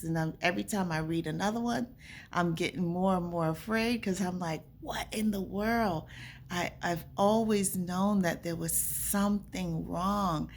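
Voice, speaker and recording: A woman's voice: on the low side, a bit bright. A woman vlogger telling a personal story to camera in an earnest, conversational way. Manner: earnest, conversational, acts out remembered dialogue.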